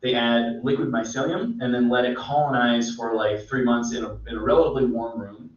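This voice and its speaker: A man's voice: mid-range voice, a little fast. Man explaining mushrooms, echoey and distant. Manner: relaxed, rambling teacher with many fillers. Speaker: mycologist guest. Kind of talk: casual explanatory chat. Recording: echoey, distant, dull sound.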